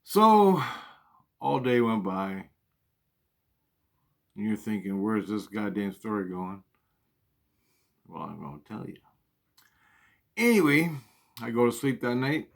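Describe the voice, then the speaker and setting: A man's voice: mid-range voice, sing-song, takes it slowly, gravelly, pauses often. A man casually telling a personal spiritual story, swearing freely and talking in an earnest, conversational way.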